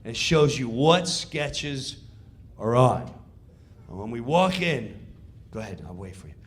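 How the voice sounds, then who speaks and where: A man telling an animated comedic backstage story, acting out the scene as he goes. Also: mid-range voice, measured pace.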